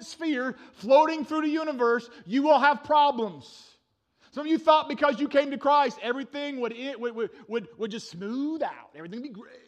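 A man with a high, light voice delivers a sermon as a pastor. He preaches with fervor, rising to near shouts and dropping to hushed, intense asides, often stumbling over repeated words before pushing on. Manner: passionate preaching, swings from loud to hushed; stammering restarts.

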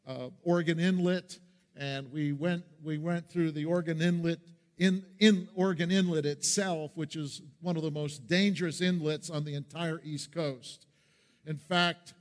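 A man from Pennsylvania, a pastor, preaching a sermon and telling a story in an earnest way, slowing down for the dramatic parts. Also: fairly high pitch. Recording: long reverb of a large hall.

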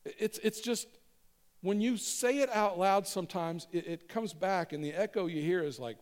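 Man, pastor, high voice, conversational sermon, long reverb of a church hall. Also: moderate pace. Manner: conversational, repeats lines for the congregation to echo.

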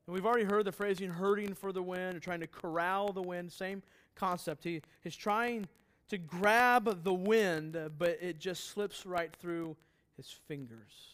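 Middle-aged man, pastor, easygoing sermon, slightly high voice, asks the room questions. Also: steady tone, measured pace, a bit bright. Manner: conversational, joking asides, quizzes the congregation. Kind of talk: sermon Bible teaching.

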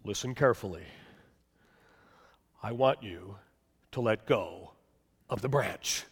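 A man voicing God in a story, with a deep, slow and solemn voice. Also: breathy edge, big-room sound, full character voice. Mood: commanding. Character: God, a deep calm male voice from above.

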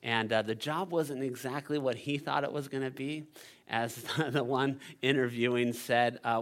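A man preaching a sermon, telling a story and building to loud climaxes. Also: mid-range voice, steady tone, moderate pace. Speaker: pastor.

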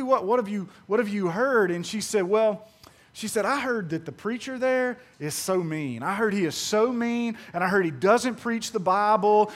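A man preaching a sermon as pastor, telling stories with acted-out dialogue and asking the congregation questions. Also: sits high. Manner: animated storytelling, acts out dialogue, asks the congregation questions. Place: church sanctuary.

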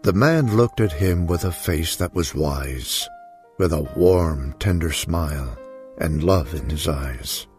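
A man narrating a rhyming storybook poem in a measured, sing-song way. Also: rumbling low, a little mellow, faint music behind.

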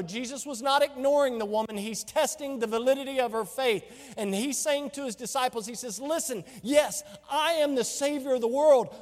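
A man's voice: extremely high pitch, in a large hall. A man preaching a sermon as pastor, emphatic and full of rhetorical questions.

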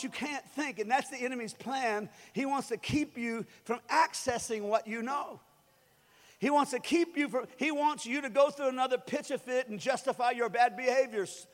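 Man, pastor, very high voice, joking conversational sermon, shouted peaks, long hall reverb.

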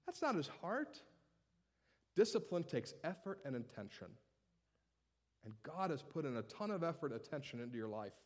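A male pastor delivering a sermon in an animated, humorous, conversational way. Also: fairly high pitch, normal speed, pauses often.

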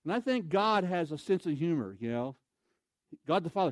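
A man preaching through a story with animated delivery, breaking into loud exclamations and acting out the voices of people he quotes. His voice sits a little high for a man. The sound is dry and close, with no room around it. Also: brisk, no room sound. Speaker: evangelist. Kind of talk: sermon storytelling.

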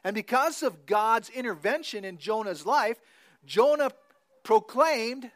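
Slow-speaking, high-voiced male pastor. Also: lively intonation. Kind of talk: sermon.

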